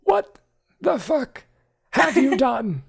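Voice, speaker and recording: Stiff, flustered gentleman with a cane, clipped and halting, voice strained high; a woman puts him on. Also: sing-song, creaky, breathy edge, heavily acted. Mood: aghast. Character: flustered stiff formal man, cane-bearing.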